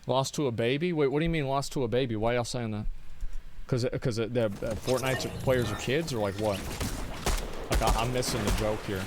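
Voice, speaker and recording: A man streaming a video game live, frustrated and profane, arguing with his chat and bursting into shouts between muttered lines. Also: medium pitch, brisk, a little hiss or hum. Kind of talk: live gameplay commentary, talking to chat.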